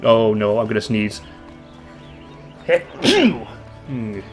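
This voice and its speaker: A man's voice: medium pitch, animated, moderate pace, fairly bright tone, faint music behind. A man hosting a let's play, chatting casually and rambling upbeat while a little stuffy and nasal from a cold. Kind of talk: casual gameplay commentary.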